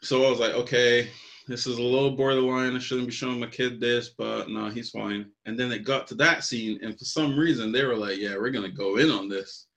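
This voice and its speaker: A young father co-hosting an anime podcast, telling a story in a relaxed, joking way. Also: medium pitch, a little fast. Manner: laid-back storyteller, laughing, dramatic asides. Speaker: podcast co-host. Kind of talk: casual chat.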